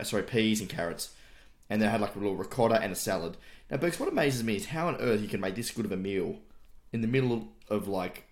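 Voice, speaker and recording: A man, co-hosting a podcast in laid-back, laughing banter. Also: fairly low pitch. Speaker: podcast co-host. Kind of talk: casual chat.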